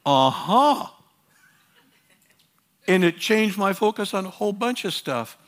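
A man preaching a sermon as pastor, emphatic and repetitive, swinging between loud urging and quiet asides. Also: sits high, a little fast. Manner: repeats phrases for emphasis.

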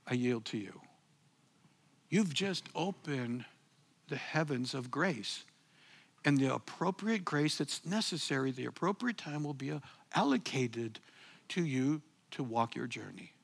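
A man preaching a sermon, moving between hushed, intense passages and loud, emphatic bursts while speaking to his listeners casually. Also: a little high, animated, measured pace, gravelly, slightly rough. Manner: addresses listeners as "guys".

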